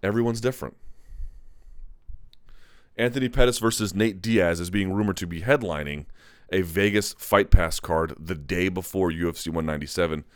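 A man's voice: low-pitched, normal speed, smooth, no echo. A man hosting a live chat, talking candidly in a rambling, self-correcting way. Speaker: MMA live chat host. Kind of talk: casual live-stream commentary.

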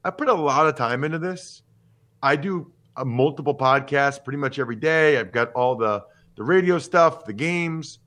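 A man in his forties hosting a casual sports podcast, talking in an animated, emphatic and opinionated way with jokes. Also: mid-range voice, normal speed. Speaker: podcast host and former football player.

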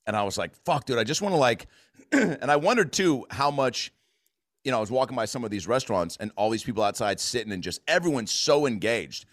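An American man in his thirties, rambling in a profane, animated way through a casual podcast chat. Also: medium pitch, brisk, dry recording, studio quality. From United States.

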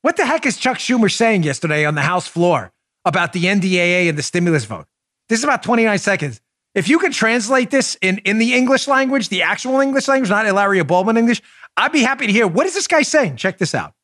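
Male political podcast host; high-pitched, very expressive, sarcastic monologue delivery. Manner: incredulous, rapid-fire rhetorical questions; sarcastic, mocking asides.

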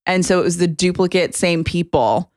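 A chatty woman co-hosting a casual podcast. Her voice sits a little low, and it is recorded close and dry with no room sound. She tells stories in a lively way, with quick asides. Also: no room sound. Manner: chatty, storytelling, animated retelling. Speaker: podcast co-host. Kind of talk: casual chat.

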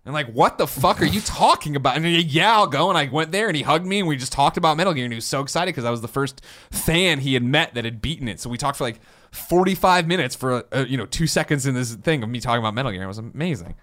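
A man in his thirties co-hosting a podcast, telling stories in an excitable, rambling way with lots of swearing and restarts. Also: mid-range voice. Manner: fast, excitable storytelling with frequent swearing and restarts. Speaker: podcast co-host. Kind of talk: casual chat.

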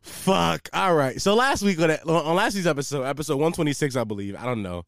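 A man's voice: fairly high pitch, fairly quick, gravelly, no echo, clean studio sound. A young man hosting a casual solo podcast, talking in a profane, rambling way and losing his train of thought. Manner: profane, rambling, loses track, animated storyteller. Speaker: podcast host.

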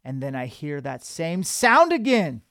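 A man hosting a podcast, telling a hunting story in an animated, casual way. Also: on the high side, a little slow, no room sound, studio quality. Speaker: podcast host.

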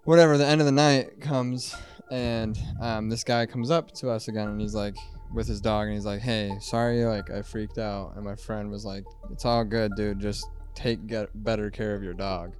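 A man's voice: on the low side, steady tone, moderate pace, hardly any pauses, darkish tone, faint music behind. A man in his twenties, a podcast guest, telling a story in a rambling, laid-back way full of "like". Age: 20s. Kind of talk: casual storytelling.

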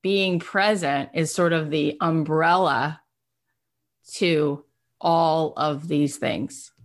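Woman host, lowish voice, gushing a bit, lots of likes and restarts. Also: steady tone, slow. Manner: enthusiastic, with fillers and restarts. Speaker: podcast host. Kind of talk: casual interview questions.

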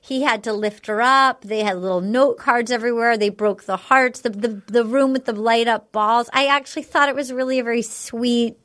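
A woman co-hosting a podcast recaps a dating show with gushing enthusiasm and many "like"s. Her voice sits a little high. It is recorded close and dry, with no room around it. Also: fairly even intonation, moderate pace, hardly any pauses, a bit bright, dry recording. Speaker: podcast co-host.

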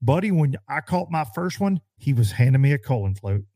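A man chatting on a podcast, telling a fishing story with lively acted-out quotes. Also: a little fast, no room sound, studio quality. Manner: animated storyteller, acts out quotes in a high voice. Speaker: pro bass angler. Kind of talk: casual podcast chat.

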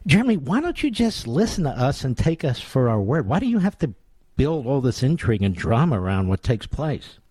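A man's voice: mid-range voice, darkish tone, husky, no echo. A man hosting a political talk radio show, delivering a combative, sarcastic monologue.

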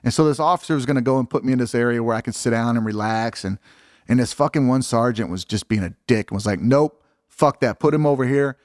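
A man's voice: mid-range voice, fast talker, no room sound, studio quality. Blunt, profanity-heavy man telling his story. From Illinois. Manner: blunt, swears freely, acts out quotes. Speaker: guest. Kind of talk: casual storytelling interview.

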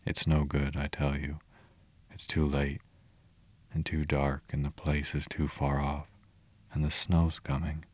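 A man's voice: extremely low pitch, completely flat delivery, unhurried, pauses often, darkish tone, no echo. A man voicing a tearful, timid little male mole who talks in a broken, sobbing way. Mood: pleading.

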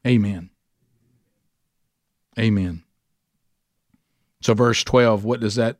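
A man's voice: on the low side, dry recording. Emphatic male Bible study preacher. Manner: emphatic preaching, slowing down for weight and speeding up when fired up. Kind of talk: sermon to a men's Bible study.

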